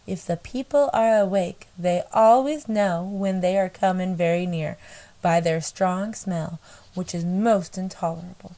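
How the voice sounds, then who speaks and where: A woman's voice: mid-range voice, a little mellow, close to an everyday voice. A woman putting on a drawling country reverend. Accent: put-on American country drawl. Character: male frontier missionary reverend reading his letter aloud, earnest.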